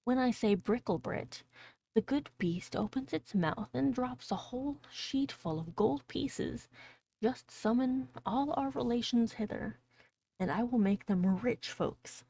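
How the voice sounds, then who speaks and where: A woman voicing a boastful young miller's son in a storybook reading, in earnest old-fashioned speech and a little above her own pitch. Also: unhurried, gravelly, dark tone. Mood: boasting.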